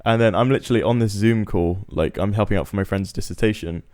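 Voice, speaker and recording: A man's voice: lowish voice, quick pace, darkish tone, no echo, studio quality. A young man co-hosting a podcast in casual chat, rambling and laughing through his stories. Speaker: podcast co-host. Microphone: video call.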